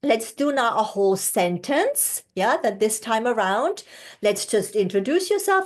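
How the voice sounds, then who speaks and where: Slow, encouraging woman voice coach. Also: on the high side, big pitch swings. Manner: slow, encouraging, demonstrating breathing and tones. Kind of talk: online masterclass teaching. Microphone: video call.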